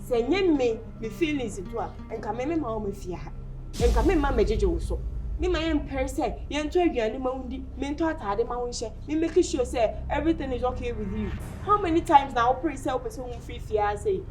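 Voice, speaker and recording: A woman's voice: on the high side, animated, brisk, over music, natural voice. A woman with a Ghanaian accent acting as an upset young woman confronting her lover, pleading and accusing. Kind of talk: amateur drama acting.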